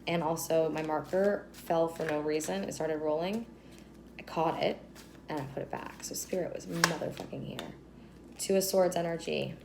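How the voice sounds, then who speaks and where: A woman's voice: deep voice, vocal fry, noisy background. A woman giving a casual tarot reading to her viewers, loose, profane and affirming. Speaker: tarot reader. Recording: music playing under the voice.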